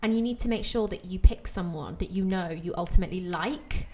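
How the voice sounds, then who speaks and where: A young adult woman hosting a podcast, pregnant, talking candidly and thinking out loud about her worries. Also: fairly low pitch, brisk, slight background noise. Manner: candid, reflective, talks through her worries. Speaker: podcast host. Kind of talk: open conversational interview.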